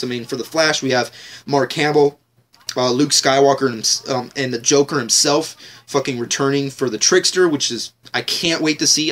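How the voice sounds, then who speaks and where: A man's voice: fairly high pitch, a bit bright. A man ranting casually in a TV episode review vlog, rambling, joking and swearing heavily.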